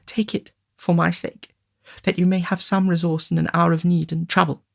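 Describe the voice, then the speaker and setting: A man voicing a gentle, tender-hearted young lady in an audiobook, breathless and imploring. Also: a little high, level tone, normal speed, gravelly, voice pushed up. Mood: anxious.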